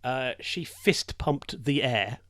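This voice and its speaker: A man's voice: medium pitch, lively intonation, takes it slowly, a bit bright. An older man, a hospital radio presenter telling a story in casual chat and laughing often. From England. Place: radio studio.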